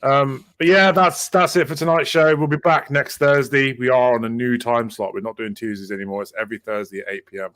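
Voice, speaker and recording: A man hosting a casual gaming podcast, swearing freely and wrapping up the show with shout-outs. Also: mid-range voice, fairly even intonation, brisk, hardly any pauses. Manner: loud, swearing, upbeat sign-off. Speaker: podcast host.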